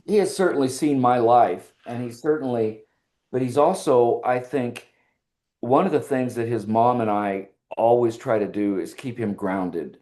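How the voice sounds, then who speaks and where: An older man, a podcast guest, telling personal stories in a relaxed interview and acting out the lines of others. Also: mid-range voice, measured pace. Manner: animated storyteller who acts out quoted dialogue. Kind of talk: casual interview storytelling.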